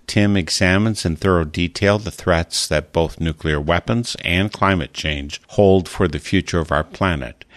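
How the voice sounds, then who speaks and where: A man hosting a radio interview show, reading a scripted introduction and then asking measured, thoughtful questions. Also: sits low, dry recording, clean studio sound.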